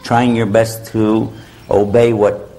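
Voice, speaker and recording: Gravelly-voiced male Islamic lecturer. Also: fairly low pitch, slow pace. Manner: humorous, animated, leads audience call-and-response. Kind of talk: lecture with audience Q&A. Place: lecture hall with live audience.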